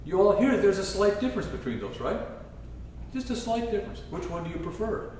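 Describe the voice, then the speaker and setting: A man's voice: sits high, very animated, fairly quick, darkish tone, distant mic, slight background noise. Guy teaching a trombone masterclass, scat-singing the lines, super echoey hall, mic way off. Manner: scat-sings musical phrases to demonstrate. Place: chapel used as a concert hall. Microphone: distant room mic.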